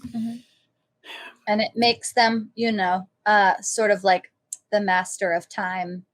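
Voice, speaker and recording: A woman's voice: mid-range voice, level tone, takes it slowly, fairly bright tone. A woman playing in a tabletop game, speaking tentatively and asking questions. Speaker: player. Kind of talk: casual tabletop play.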